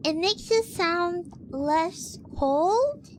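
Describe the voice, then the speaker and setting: A woman streamer chats casually with her viewers as she plays, in a very high voice with a bright edge. She talks slowly, giggles often and stumbles over repeated words. She sounds cutesy and playfully petulant, with faint noise behind her. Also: very animated. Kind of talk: casual stream chat with viewers while gaming.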